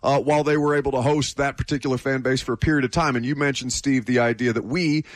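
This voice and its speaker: A man's voice: medium pitch, steady tone, quick pace, no room sound. An American man co-hosting sports radio, musing in a reflective, rambling way with many restarts. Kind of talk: casual sports talk.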